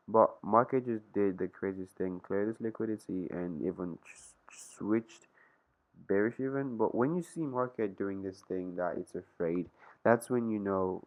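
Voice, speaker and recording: A man's voice: low-pitched, dull audio. A young man casually walking through a trading chart, thinking aloud in a slangy, rambling way. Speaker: trading vlogger. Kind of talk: casual screen-share trading walkthrough.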